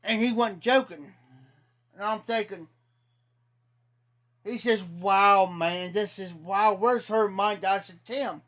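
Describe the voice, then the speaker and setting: A man's voice: sits high, a bit bright. A man with an Ohio accent telling a rambling, indignant story in a casual livestream, repeating "I said" as he goes. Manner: drawling, slow-paced delivery.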